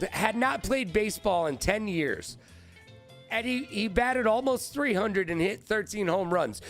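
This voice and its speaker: A man hosting a live-stream trivia game, excitable and profane, riffing with his chat. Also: high voice.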